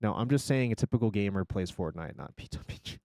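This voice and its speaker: A man's voice: on the low side, animated, fairly quick, vocal fry, a little mellow, dry recording, studio quality. A man in his forties streaming casually, rambling and joking with chat and swearing freely. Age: 40s. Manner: rambling, profane, jokey, reacting to chat.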